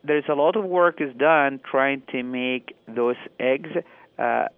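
A fertility doctor calling in over a tinny, phone-like line that sounds dry and close. He explains carefully but haltingly and often restarts his phrases. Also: mid-range voice, smooth, dry recording. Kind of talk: call-in interview answer. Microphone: telephone.

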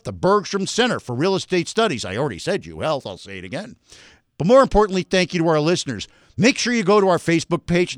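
Chatty radio host, fairly high voice. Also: male voice, fairly bright tone, no echo, studio quality. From Florida. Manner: chatty, jokey, rapid thank-yous. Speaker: radio talk show host. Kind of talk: casual radio talk. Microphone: studio microphone.

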